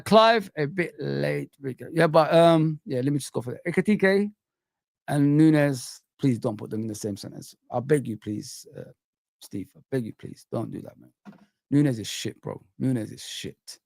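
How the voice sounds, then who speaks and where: A man's voice: mid-range voice, vocal fry, darkish tone, no echo, studio quality. A young man hosting a casual live stream, reading out the chat and giving blunt, slangy football opinions. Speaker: livestream host reading chat.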